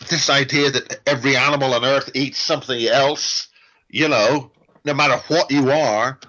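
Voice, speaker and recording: A man's voice: mid-range voice, sharp tone, dull audio. A middle-aged man as a guest on an interview show, talking at length in a ranting, digressive way with wry asides. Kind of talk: rambling interview talk.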